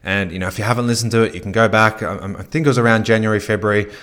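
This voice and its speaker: A man's voice: lowish voice, steady tone, very fast, fairly bright tone. A man hosting a podcast, talking casually with lots of fillers and repeated phrases as he coaches listeners on sales. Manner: conversational, many fillers, repeats himself. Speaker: podcast host.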